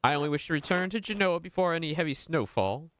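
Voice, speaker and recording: A man voicing a courteous male merchant from Italy in a video game, with a measured, formal way of talking. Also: a little high, animated, fairly bright tone, clean tone, pitched above the performer's own voice, rough recording. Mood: genial.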